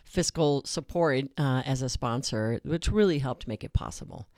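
A man hosting a public radio fund drive in relaxed, conversational talk from a studio. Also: medium pitch, moderate pace, no echo. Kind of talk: on-air fund drive chat.

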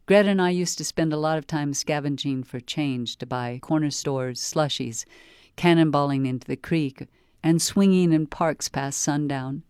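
A reader calmly delivering a wry first-person novel excerpt for a library promotion. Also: mid-range voice, clear, resonant tone, no echo, clean studio sound. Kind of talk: scripted first-person audiobook-style reading.

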